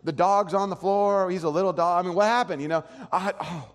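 A man in his thirties preaching a sermon, telling a family story in a casual, rambling way with many restarts. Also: high-pitched. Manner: soft slow prayer voice. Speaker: pastor. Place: church sanctuary. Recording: long hall reverb.

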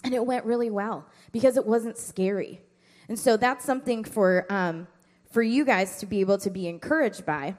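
Lively woman talking to a parent group. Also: moderate pace, long reverb tail. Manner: animated storytelling, acting out children's high-pitched replies. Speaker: parenting class speaker. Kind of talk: informal talk to a parent group.

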